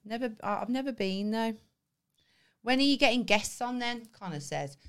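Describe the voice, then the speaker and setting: A woman's voice: a little high, expressive, moderate pace, clear, resonant tone. A young woman co-hosting a podcast, chatty and teasing in casual banter, swearing now and then. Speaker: podcast co-host.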